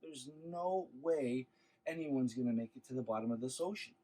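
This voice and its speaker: A man's voice: mid-range voice, moderate pace, mellow, pitched below the performer's own voice, natural voice. A man voicing a big male leopard seal from a told legend, speaking in a discouraged, matter-of-fact way.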